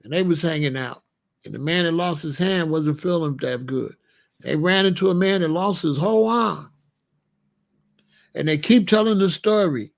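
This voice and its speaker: A man hosting a comedic monologue, an animated, profane storyteller who laughs often. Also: fairly high pitch, moderate pace, vocal fry. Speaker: podcast host.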